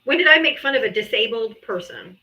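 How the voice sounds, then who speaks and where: A woman's voice: fairly high pitch, expressive, brisk, sharp tone, a little hiss or hum, poor audio. A woman hosting a live debate stream, talking in a mocking, profane and exasperated way. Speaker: livestream host. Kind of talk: heated live debate chat.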